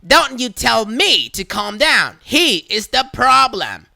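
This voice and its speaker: A narrator voicing an entitled middle-aged woman shopper who shouts shrill demands in a storybook tale. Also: very animated, slow pace, gravelly, no room sound, studio quality, heavily acted. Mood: furious.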